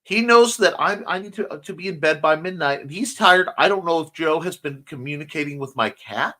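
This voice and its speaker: A man's voice: on the high side, lively intonation, fairly quick. Chatty man hosting a morning stream. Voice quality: self-described speech impediment. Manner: rambling, playful, warm toward viewers. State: slightly scratchy voice. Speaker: host. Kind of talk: casual live-stream chat reading viewer comments.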